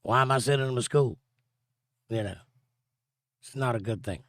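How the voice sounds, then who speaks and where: A man hosts a laid-back livestream, reading out chat messages in a playful, goofy way. His voice sits at a middling pitch and sounds dry and close to the mic. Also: moderate pace, fairly bright tone, no room sound. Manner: reads viewer comments aloud in playful voices.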